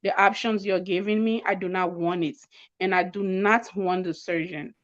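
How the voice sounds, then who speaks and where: A woman's voice: medium pitch, steady tone, moderate pace, lo-fi sound. A young woman giving an emotional personal testimony as an interview guest, stammering and repeating words as she tells her story. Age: young adult.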